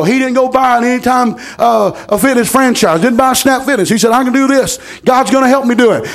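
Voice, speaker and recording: Man, very high voice, folksy sermon storytelling, repeats words. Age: middle-aged. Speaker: preacher.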